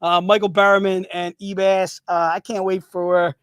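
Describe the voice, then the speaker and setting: A man hosting a live comic sales stream, joking and hyping items in rapid-fire salesman banter from an indoor studio room. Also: high voice, level tone, a bit bright, smooth, no echo. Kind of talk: casual live-stream selling.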